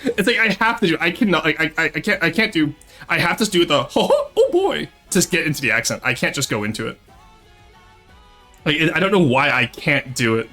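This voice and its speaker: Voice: medium pitch, fairly quick, sharp tone, faint music behind. A VTuber streamer chatting casually with viewers at home, teasing and laughing often. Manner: joking and teasing, laughs often, talks straight to chat. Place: home, second-floor room.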